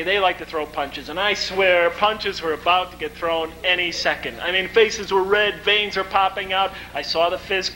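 A man giving a lecture, telling stories in a vivid, animated way. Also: high-pitched, a little hiss or hum, rough recording. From United States. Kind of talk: storytelling lecture.

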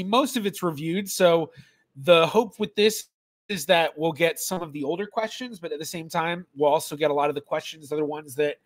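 A man hosting a casual live stream as a genealogist, chatty, laughing easily as he greets viewers by name, and bothered by allergies. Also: fairly high pitch. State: allergies, sneezy.

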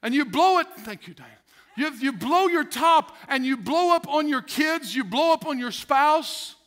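High bright voiced pastor guy preaching, lively, keeps laughing and acting out little voices. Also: unhurried. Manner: animated, laughing, acts out voices of stressed people. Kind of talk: sermon. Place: church sanctuary.

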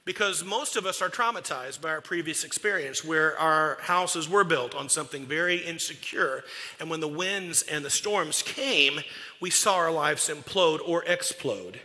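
Bright-voiced folksy preacher in a hall. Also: male voice, on the high side, a little slow. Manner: folksy, joking storyteller. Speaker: pastor. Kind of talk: sermon. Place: church sanctuary. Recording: echoey church hall.

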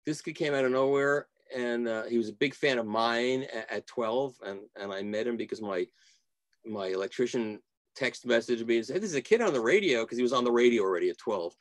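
A man's voice: mid-range voice, fairly quick, no echo. A man being interviewed as a guest audio reviewer, telling rambling stories and often restarting his sentences. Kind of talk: casual interview.

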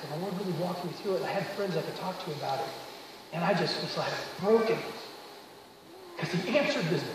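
A man in his forties preaching a sermon as pastor, telling stories with animated quoted dialogue. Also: sits high. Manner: animated storytelling with acted quotes. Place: large church hall. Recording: echoey hall, from far off, noisy.

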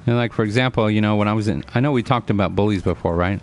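Speaking at a racing clip with a fairly low pitch, a forties-aged man holds a casual live-stream chat. He is earnest and lecturing, repeats himself often, and replies to viewers by name.

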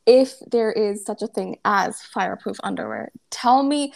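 Animated woman podcast co-host. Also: medium pitch, normal speed, creaky. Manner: animated, questioning. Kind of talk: casual chat.

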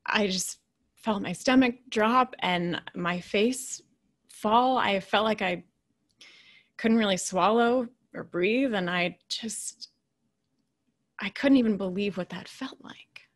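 A keynote speaker and leadership coach, a woman in her thirties or forties, gives a motivational talk built around a personal story. She speaks slowly in a mid-range voice, conversational and animated, slipping in quiet, hushed asides.

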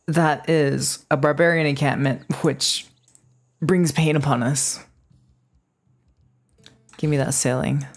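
A woman with a deep, low voice streams a game live. She banters playfully with her chat and bursts into excited exclamations. Her talk is loose, quick and casual. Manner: excitable outbursts. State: just woke up. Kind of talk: casual live gaming commentary.

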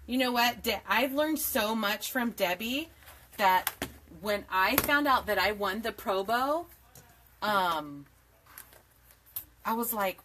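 Woman, 40s, home craft streamer; bright tone, rambling and giggly, talks to viewers by name. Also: medium pitch, animated, takes it slowly, pauses often, a little hiss or hum. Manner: chatty and rambling, laughs often, greets viewers by name. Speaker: craft tutorial host. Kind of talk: live-streamed craft tutorial chat. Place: home craft desk indoors. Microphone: camera mic at a desk.

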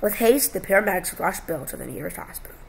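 A woman's voice: fairly low pitch, lively intonation, fast talker, vocal fry, low-quality recording. A woman on a video call reading a story aloud with voiced quotes and some stumbles, as a podcast co-host.

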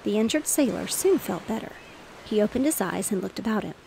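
Woman storyteller, gentle, even bedtime reading, mid voice, faint ocean waves behind. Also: medium pitch, brisk, gravelly, slight background noise, rough recording.

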